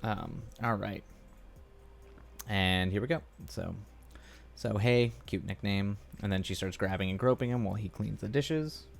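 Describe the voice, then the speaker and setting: Low gravelly-voiced man thinking aloud. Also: unhurried, faint music behind. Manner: thinking aloud, musing, rambling asides. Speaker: streamer. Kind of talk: casual live-stream writing session.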